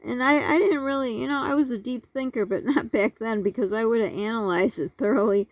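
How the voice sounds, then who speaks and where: A woman's voice: on the high side, fairly quick, dry recording. A middle-aged woman telling childhood stories in a casual, rambling way, laughing often as she talks. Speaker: vlogger. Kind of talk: casual storytelling.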